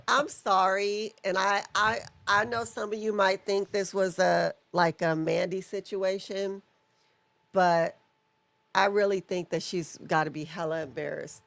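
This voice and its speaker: A woman co-hosting a live stream, teasing and chatty, with a voice at an ordinary pitch and plenty of gravelly fry. She sounds close and dry, with no room echo. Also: steady tone, measured pace, a bit bright. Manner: teasing, chatty, reads viewer comments. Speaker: co-host of a wrestling watch-along stream. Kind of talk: casual live-stream chat.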